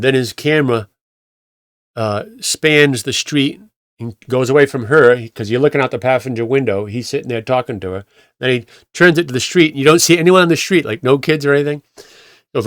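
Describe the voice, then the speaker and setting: A man's voice: medium pitch, fairly quick, fairly bright tone, no echo, studio quality. A male pastor telling stories in a rambling, conversational way, with frequent restarts and acted-out quotes. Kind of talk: conversational sermon storytelling.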